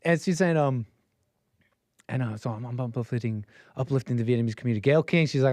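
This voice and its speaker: A man's voice: medium pitch, quick pace, darkish tone, no echo, studio quality. A man hosting a call-in show, riffing in a mocking, rambling way and putting on silly voices to quote people. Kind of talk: casual on-air commentary.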